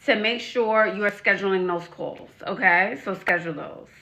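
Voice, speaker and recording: A woman's voice: mid-range voice, normal speed, pushed and bright. A woman coach giving frank advice to young women on camera, stressing points by repeating them and asking pointed rhetorical questions. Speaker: dating and life coach. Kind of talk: direct-to-camera advice vlog.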